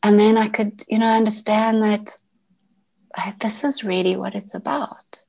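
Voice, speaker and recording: A woman's voice: medium pitch, flat delivery, creaky, a little mellow. Hesitant woman telling her story. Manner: halting, frequent restarts and repeated words. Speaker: interview guest. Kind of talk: casual personal storytelling.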